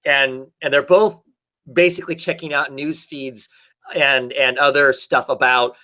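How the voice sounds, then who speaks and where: Bright-voiced man recapping comics casually. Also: mid-range voice, fairly even intonation, a little slow. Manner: rambling recap with many fillers and restarts. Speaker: podcast co-host. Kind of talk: casual chat.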